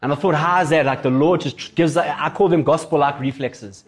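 A man preaching in a casual, storytelling way, with a voice pitched a little above most men. He retells a film scene with animated asides and turns it into a lesson. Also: fairly quick, slightly rough. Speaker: pastor. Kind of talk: sermon.

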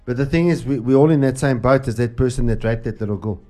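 A man with a mellow, relaxed voice preaching in an earnest, conversational way, with many restarts. His tone is warm and dark rather than sharp. Faint music plays behind him. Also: mid-range voice, quick pace. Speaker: host. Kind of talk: casual Christian talk show, preaching.

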